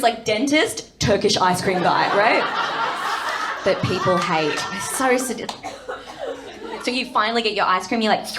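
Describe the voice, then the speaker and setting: A woman's voice: medium pitch, heavy background noise. An Australian woman in her thirties doing stand-up, telling a bawdy story in a brash, conversational way with constant tag questions. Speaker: stand-up comedian. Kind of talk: stand-up comedy. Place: comedy stage before an audience.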